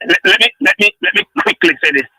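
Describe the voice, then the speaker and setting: A man with a Jamaican accent hosting a sports talk show, excitable and stammering, repeating himself and cutting in often. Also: high-pitched, fast, husky, dry recording, low-quality recording. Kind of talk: heated studio debate.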